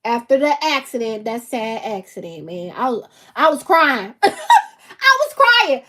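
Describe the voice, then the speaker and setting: A woman's voice: on the high side, big pitch swings, unhurried, a bit bright. A woman, hosting her own channel and talking casually and emphatically to camera, laughing often. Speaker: channel host.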